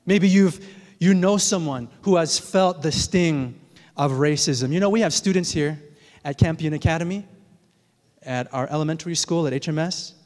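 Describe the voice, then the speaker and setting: A man preaching in a church, his voice pitched high for a man. He talks earnestly and builds to emphatic peaks. The sanctuary's long, ringing reverb trails every phrase. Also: normal speed, darkish tone. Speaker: pastor. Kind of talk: sermon.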